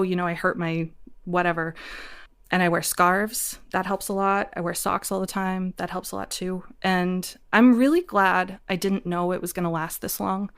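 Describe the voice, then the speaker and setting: A woman's voice: fairly low pitch, creaky, clean tone. A woman in her forties, a podcast guest, telling a personal story openly and reflectively, laughing often. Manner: reflective and open, with frequent laughter. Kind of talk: candid personal storytelling in a conversation.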